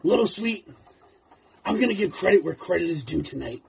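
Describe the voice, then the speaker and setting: High gravelly trash-talking wrestler. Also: male voice, lively intonation, a little fast. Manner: menacing, taunting, profane. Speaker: wrestler cutting a promo.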